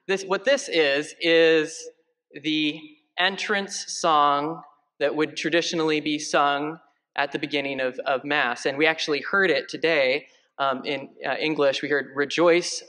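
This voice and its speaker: A male parish priest giving a conversational homily, joking lightly and filling pauses with ums and uhs. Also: on the high side, steady tone, pushed and bright. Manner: chatty, joking, many fillers. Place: large church. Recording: long church reverb.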